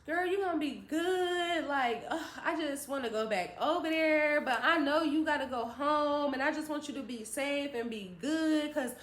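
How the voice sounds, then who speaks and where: Pushy carefree teen girl, acted by a woman, high voice, slangy coaxing, roomy echo. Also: normal speed, hardly any pauses, a bit bright.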